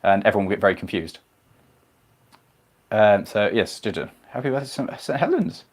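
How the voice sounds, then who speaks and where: A man's voice: fairly low pitch, sing-song, normal speed. A man hosting a casual live stream, rambling and self-deprecating as he reads viewer comments.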